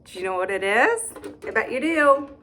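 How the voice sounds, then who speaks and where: A woman hosting storytime who reads a picture book aloud in a slow, sing-song way and keeps asking the little listeners questions. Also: on the high side, expressive, bright, forceful tone, a little hiss or hum. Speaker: storytime host for young children.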